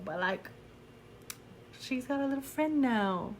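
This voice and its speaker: A woman's voice: high-pitched, expressive, slow, pauses often, slight background noise. A young adult woman talks casually about a book she is reading, gushing about it and filling her talk with "like" and "you know.". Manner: chatty and gushing, many fillers. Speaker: book reviewer. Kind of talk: casual chat.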